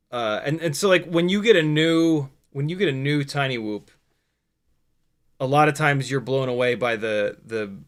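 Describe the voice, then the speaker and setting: A man's voice: medium pitch, fairly bright tone. A man hosting a livestream, chatting loosely as he works and answering viewer questions, with casual swearing and dry sarcasm. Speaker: livestream host building a drone.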